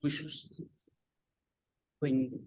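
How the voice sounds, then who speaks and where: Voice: very slow, dark tone, a little hiss or hum. A student with a Vietnamese accent giving short, hesitant answers to a teacher.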